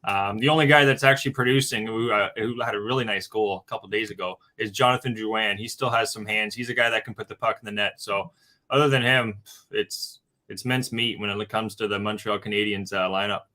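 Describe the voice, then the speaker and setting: A man with a lowish voice and a sharp, forceful edge, talking hockey picks. He rambles loosely, peppering his talk with ums and calls of guys to the listeners. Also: fairly even intonation, a little fast. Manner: loose, addresses listeners as guys, filler-heavy. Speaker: guest hockey handicapper. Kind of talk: casual sports betting talk.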